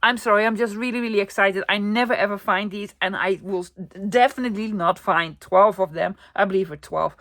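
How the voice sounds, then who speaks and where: A middle-aged woman, chatting excitedly to camera about her thrift finds and often dropping to a whisper. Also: medium pitch, brisk, hardly any pauses, no echo, clean studio sound. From Netherlands. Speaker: vlogger showing a thrift haul. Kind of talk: casual chat to camera.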